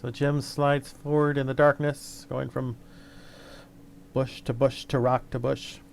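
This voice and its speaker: A man's voice: medium pitch, little pitch movement, unhurried, creaky, a little hiss or hum. A man narrating as game master of a tabletop game in a loose, hesitant way.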